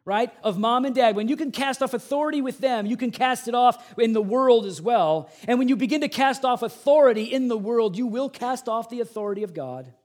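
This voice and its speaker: A man in his forties delivers a sermon, his voice sitting high for a man. He is animated, slipping into mocking impressions and dropping suddenly from forceful to hushed. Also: fairly quick, hardly any pauses. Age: 40s. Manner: animated, acts out mocking quotes, swings from loud to hushed. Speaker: pastor.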